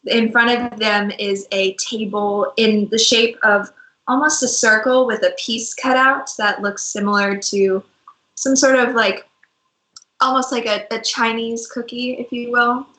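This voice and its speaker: A woman narrating a tabletop game as game master, unhurried and searching for words as she describes the scene. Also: on the high side, fairly even intonation, fairly bright tone, reverberant, rough recording. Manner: unhurried, hesitant descriptions with fillers.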